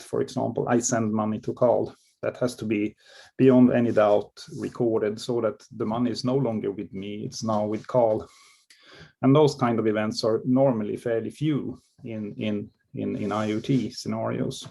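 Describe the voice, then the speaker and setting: A man's voice: mid-range voice, vocal fry, a little mellow, slightly rough. A man on a webinar panel explaining points in a matter-of-fact way.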